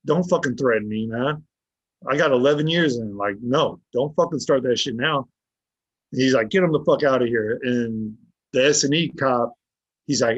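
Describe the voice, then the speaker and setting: A man with a medium-pitched, husky voice speaks fairly quickly in a dry, dull lo-fi recording. As a podcast guest telling a casual story, he's blunt, swears heavily, and acts out what others said to him.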